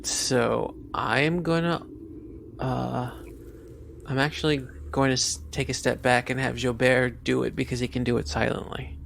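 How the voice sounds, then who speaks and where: Gravelly-voiced man playing a tabletop game. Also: mid-range voice, fairly even intonation, unhurried, fairly bright tone, a little hiss or hum. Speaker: player. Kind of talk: casual tabletop game chat.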